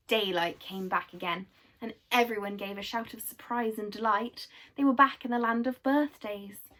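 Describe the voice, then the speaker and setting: A woman reading a children's book aloud, telling it expressively and softly. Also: a little high, fairly even intonation, normal speed, a little hiss or hum. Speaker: storyteller.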